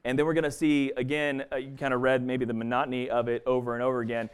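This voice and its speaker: A man's voice: medium pitch, level tone, fast, few pauses, clean tone. Casual man teaching scripture. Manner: conversational, frequent restarts and fillers. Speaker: bible teacher. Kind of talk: casual bible study teaching.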